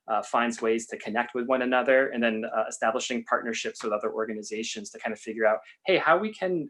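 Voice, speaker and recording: A man's voice: mid-range voice, a bit bright. A man on a video call panel, telling an earnest personal story about fatherhood with lots of fillers. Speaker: panelist, father of young children.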